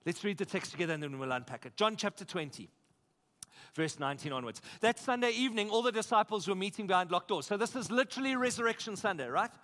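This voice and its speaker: In a church, a South African pastor preaches with emphasis and energy, repeating phrases and putting questions to the congregation. His voice sits high and he talks fast.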